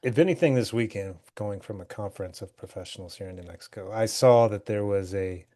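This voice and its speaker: A man's voice: on the low side, a little fast, warm tone. Rambling man telling anecdotes on a podcast. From Hawaii. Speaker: podcast co-host. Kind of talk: casual comedic chat.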